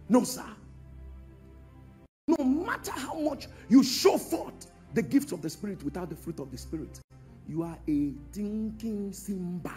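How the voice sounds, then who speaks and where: A man preaching a sermon in a large church, calling out to the congregation and swinging from hushed tones to shouts. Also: on the high side. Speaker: pastor.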